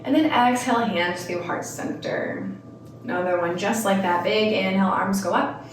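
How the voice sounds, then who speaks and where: A woman leads a yoga practice, her steady cues for breath and movement mixed with casual, friendly tangents. Her voice sits in a mid register and rings in a very echoey room. The mic is a few steps away, with a faint hum of ambience behind her. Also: medium pitch, normal speed, far from the mic. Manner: calm cueing with casual rambling asides. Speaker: yoga instructor. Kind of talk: guided yoga class.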